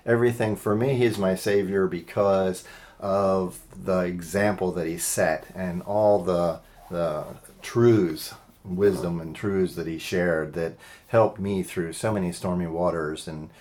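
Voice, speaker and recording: A man being interviewed, telling his life story in an earnest, halting way with lots of fillers. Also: low voice, fairly even intonation, darkish tone. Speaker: interview guest. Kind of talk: personal storytelling in conversation.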